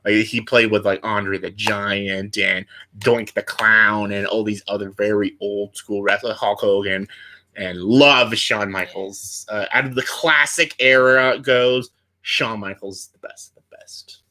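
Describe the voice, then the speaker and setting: A young man in casual chat, co-hosting a countdown of favorites, animated and quick to act out loud catchphrases. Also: lowish voice. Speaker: co-host.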